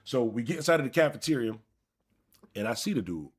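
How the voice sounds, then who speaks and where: With a brisk, medium-pitched voice carrying a breathy edge, a man from Buffalo, New York spins a meandering, foul-mouthed personal tale on his live stream. He's lively throughout and speaks right to his viewers, keeping it casual.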